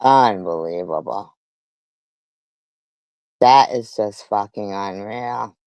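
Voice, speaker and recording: Female commentary streamer, slow and smooth, indignant, heavy swearing. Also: very deep voice, dry recording, lo-fi sound. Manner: indignant, swears heavily while reading comments aloud. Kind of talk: livestream commentary.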